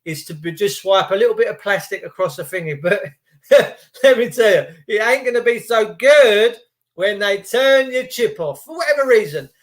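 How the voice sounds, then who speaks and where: A man ranting casually to his viewers, acting out little scenes in quick put-on voices, slangy and swearing. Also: sits high, animated. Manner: slangy, swears, rhetorical questions. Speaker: video host.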